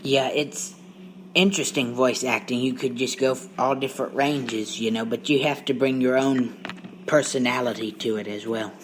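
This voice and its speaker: A man's voice: mid-range voice, steady tone, normal speed, slight background noise, low-quality recording. A man chatting casually, responding to his guest with short, agreeing remarks. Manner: brief agreeing interjections. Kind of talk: casual chat.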